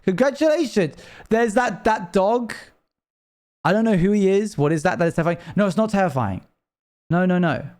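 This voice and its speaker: A man's voice: sits high, normal speed, a little mellow. A man live-streaming a game, chatting loosely to his viewers and rambling from one thought to the next. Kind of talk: casual live-stream chat while gaming.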